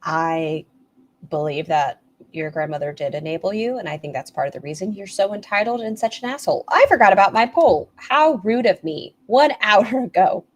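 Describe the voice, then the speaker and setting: A woman's voice: mid-range voice, expressive, moderate pace. A woman hosting a livestream commentary, making blunt, sarcastic remarks and reading out poll results. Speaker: commentary streamer.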